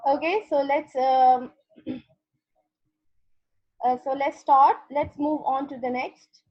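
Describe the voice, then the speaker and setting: High-voiced woman teaching an online grammar class. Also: steady tone, takes it slowly, lo-fi sound. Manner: patient, explains step by step with repeated "okay".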